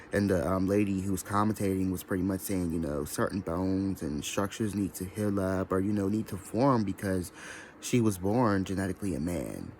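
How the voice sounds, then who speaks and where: A man with a lowish voice rambles through a casual vlog rant, jumping from point to point and cursing freely. A faint hum sits under the recording. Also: darkish tone. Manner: scattered, profane, mimics others in quoted voices. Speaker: social media commentator.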